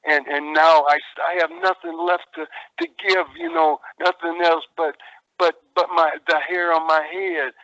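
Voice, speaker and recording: A man's voice: a little high, expressive, normal speed, creaky, pushed and bright, no echo, lo-fi sound. An older man, a wrestling veteran, telling stories in a rambling interview, with many stalls and repeated words. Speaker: retired wrestler guest.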